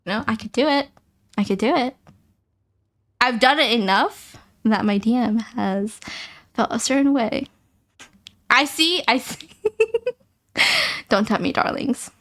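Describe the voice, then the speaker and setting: A woman hosting a livestream, talking casually with her viewers in a rapid-fire, rambling, playful and teasing way. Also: on the high side, fairly bright tone. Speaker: livestream host.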